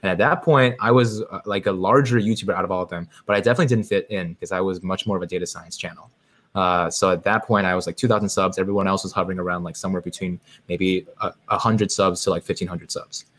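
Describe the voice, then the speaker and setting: Man, podcast guest, casual chat, deep-ish voice, rambling, many restarts. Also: fairly even intonation, quick pace, fairly bright tone.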